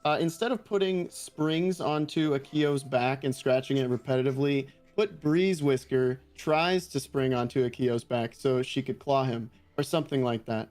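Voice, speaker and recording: A man's voice: mid-range voice, moderate pace, few pauses, a little mellow. A man, a guest reader, reading a fan roleplay aloud with many hesitations. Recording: faint music behind.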